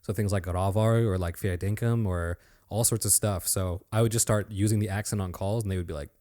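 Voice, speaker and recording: A man's voice: deep voice, fairly even intonation, brisk, dark tone. A man appearing as a podcast guest, talking in an enthusiastic, chatty and complimentary way. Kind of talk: casual podcast conversation.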